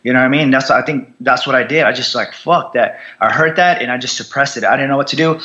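A man who fought in war shares his recovery story as a guest in a quick, sharp, mid-range voice, recorded in lo-fi sound. He's blunt and conversational, swearing all the time and saying things again for emphasis.

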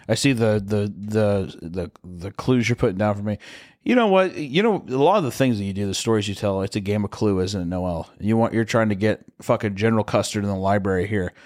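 A man's voice: lowish voice, darkish tone, no echo, studio quality. A man co-hosting a casual podcast who is drunk, telling crude stories in a rambling way. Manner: crude, rambling storyteller who acts out characters. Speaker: podcast co-host. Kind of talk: casual chat.

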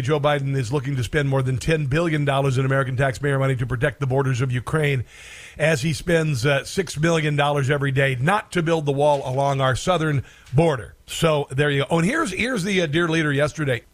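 A man's voice: on the high side, fairly quick. A man hosting a political commentary show, sarcastic and rambling, with many filler sounds.

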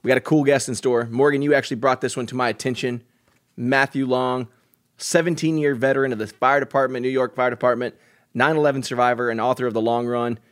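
A man hosts a podcast in an easygoing way, chatting casually with his co-hosts. His voice is mid-range and upbeat. He welcomes listeners and introduces guests with relaxed energy. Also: mid-range voice, quick pace. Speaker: podcast host. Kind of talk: casual chat.

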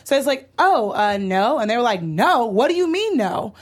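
A young adult woman chatting casually, telling a story with animated quoted voices and loud bursts of anger. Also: on the high side, normal speed. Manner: animated, acts out quotes, gets loud when retelling anger.

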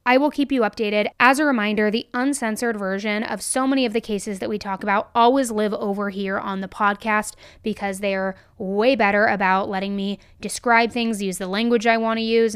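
A woman's voice: medium pitch, steady tone, normal speed, hardly any pauses, fairly bright tone, clear, resonant tone, dry recording. A woman hosting a true crime show, giving blunt and emphatic commentary into a close mic.

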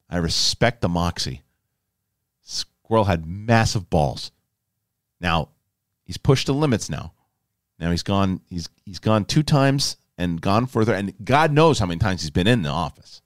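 A man hosting a podcast, telling a story in a casual, animated, emphatic way and swearing freely. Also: fairly low pitch, dry recording, clean studio sound. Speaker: podcast host.

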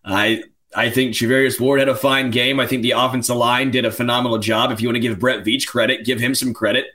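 A blunt, matter-of-fact man co-hosts a podcast in casual chat. His voice is bright and forceful, set at a middle pitch. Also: flat delivery, fast talker. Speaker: podcast co-host.

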